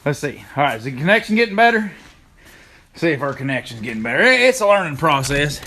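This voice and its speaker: Very animated, fast and forceful, his bright voice sits on the high side. He's a livestream channel host chatting folksily into a handheld phone as he walks around his yard, greeting viewers by name.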